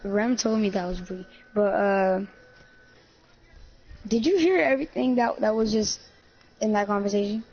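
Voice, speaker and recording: A woman's voice: medium pitch, moderate pace, long pauses, darkish tone, breathy edge, soft background music. A woman improvising a roleplay, asking short, flustered questions, in a lo-fi recording. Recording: dull lo-fi recording.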